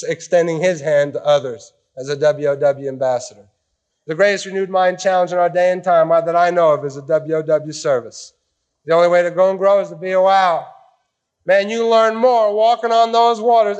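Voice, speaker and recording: A man preaching a revival sermon with a high, lifted voice. He talks in a folksy, animated way and slips into acted-out quotes to drive his points home. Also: smooth. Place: tent meeting.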